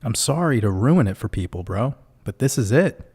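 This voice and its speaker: A man's voice: medium pitch, expressive, normal speed, a little mellow, breathy edge. A man hosting a casual livestream, reading out viewer comments in a loose, profane way and laughing often. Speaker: livestream host.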